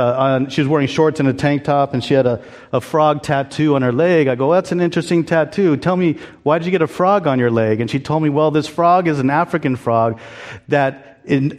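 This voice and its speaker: A man's voice: mid-range voice, a little mellow. Guy pastor preaching in a church, chatty and real with the crowd, big hall echo. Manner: candid, conversational preaching with audience call-and-response. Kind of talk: sermon.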